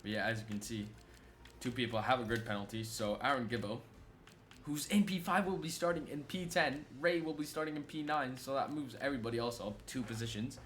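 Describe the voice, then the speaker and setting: A young man from Italy, an excitable race commentator on a live stream who swears freely and banters with chat. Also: mid-range voice, fairly quick. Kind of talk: live sim racing commentary. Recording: noisy stream audio.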